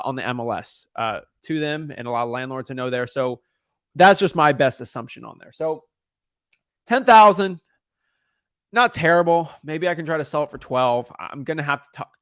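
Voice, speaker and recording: This real estate wholesaler talks casually to viewers about his cold calls and chats with sellers, rambling and often repeating words as he begins sentences. His voice sits on the high side and sounds a bit bright. The recording is dry, with clean studio sound.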